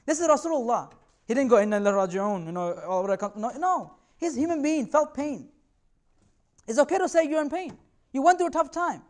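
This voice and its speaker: A man giving a religious talk to students, earnest and conversational, reassuring his listeners in a loose, chatty way. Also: very high-pitched. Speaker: invited speaker.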